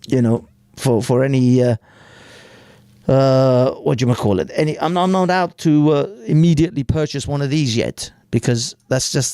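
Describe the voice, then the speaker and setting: A man's voice: a little high, a little mellow, no room sound, clean studio sound. A British man hosting a live stream, giving crude, rambling commentary full of swearing and stumbles over words. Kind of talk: crude casual commentary while reading an article aloud.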